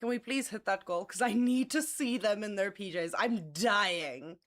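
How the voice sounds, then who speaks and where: A woman's voice: mid-range voice, moderate pace. A woman chatting casually on a livestream, rambling, laughing often and swearing freely. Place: home, at a desk.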